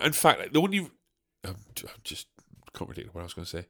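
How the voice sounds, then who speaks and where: A man's voice: mid-range voice, big pitch swings, fairly quick, fairly bright tone. A British man hosting a solo comedy podcast, ranting in a sweary, rambling way. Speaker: podcast host.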